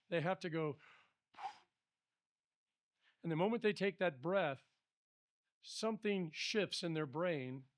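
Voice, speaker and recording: A middle-aged pastor leads a Bible study, telling stories in an animated, conversational way. His voice sits fairly high for a man. The sound is dry and close, with little room. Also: no echo.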